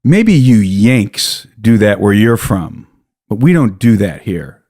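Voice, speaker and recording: A stern British immigration officer, as a man recounts her, firing curt, sarcastic questions. The voice sits fairly low and dry, close to the mic. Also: very animated, takes it slowly, warm tone, dry recording, heavily acted. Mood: stern, mocking.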